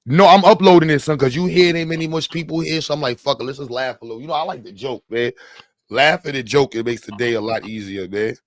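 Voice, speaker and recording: A man's voice: on the high side, fairly quick, no room sound. A young man with a Brooklyn accent, hosting a casual, profane, joking chat. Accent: Brooklyn New York. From Brooklyn, New York.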